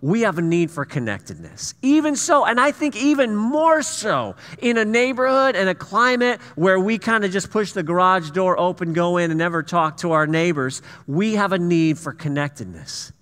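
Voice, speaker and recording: A man's voice: sits high, expressive, normal speed, hardly any pauses, a bit bright. A man from the US Pacific Northwest preaching a sermon in a church, telling stories with easy, self-deprecating humor. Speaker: pastor. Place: church sanctuary. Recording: church hall reverb.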